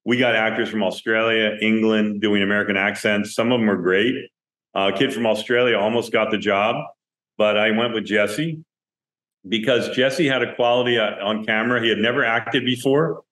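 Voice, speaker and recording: A film director with a lowish voice tells stories from the set at a moderate pace during an interview. He's lively, acting out the dialogue he quotes. The recording carries a roomy echo.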